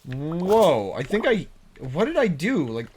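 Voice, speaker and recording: An Appalachian streamer from the United States chats casually while playing a farming game, rambling, laughing a lot and slipping into a put-on drawl. The mid-range voice is very animated, slow and darkish, with a little hiss or hum.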